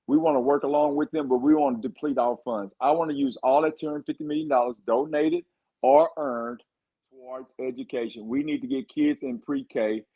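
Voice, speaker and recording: A man's voice: on the high side, slightly rough, muffled recording. A man, a candidate for governor, giving fired-up, rambling answers in a podcast interview. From Texas. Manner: fired-up, rambling campaign talk.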